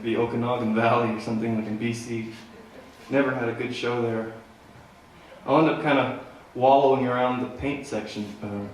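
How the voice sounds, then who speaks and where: Performer wry deadpan singer-songwriter telling stories on stage. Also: male voice, mid-range voice, a little hiss or hum. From Manitoba, Canada. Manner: wry, deadpan, laid-back humor. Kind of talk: stage banter storytelling at a concert. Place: theater stage, live. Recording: echoey theater from far off with faint guitar.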